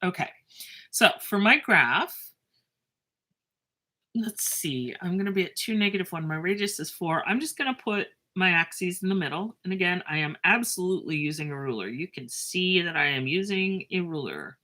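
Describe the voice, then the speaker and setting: A woman teaching a math lesson in a chatty, self-mocking way, with lively asides and a drawn-out pace while she writes. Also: on the low side.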